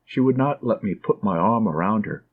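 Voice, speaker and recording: Calm male audiobook narrator, muffled sound. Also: on the low side, normal speed.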